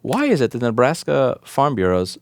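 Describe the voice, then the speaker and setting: This medium-pitched, gravelly voice swings hugely in pitch and runs a little fast. It's a man in his thirties, a repair shop owner and advocate, passionately ranting to camera with rhetorical questions, swearing, and hammering repetition, captured in studio quality with no room sound.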